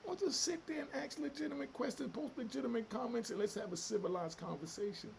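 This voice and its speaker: A man's voice: very high voice, fast talker, gravelly, a little hiss or hum. A middle-aged man hosting a commentary channel, delivering fiery, emotional, profane street talk in a heated solo rant.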